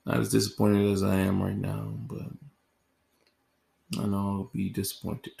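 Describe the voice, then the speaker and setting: A man's voice: lowish voice, completely flat delivery, measured pace, vocal fry, warm tone. A man hosting a podcast in a casual closing monologue, rambling and full of "like" fillers. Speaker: podcast host. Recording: roomy echo.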